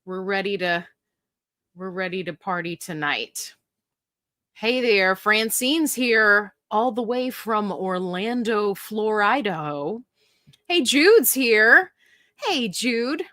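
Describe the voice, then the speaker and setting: A woman's voice: mid-range voice, lively intonation, takes it slowly, pushed and bright, dry recording, studio quality. A woman hosting a casual live stream, chatting and greeting viewers by name in a bubbly, upbeat way. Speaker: livestream host.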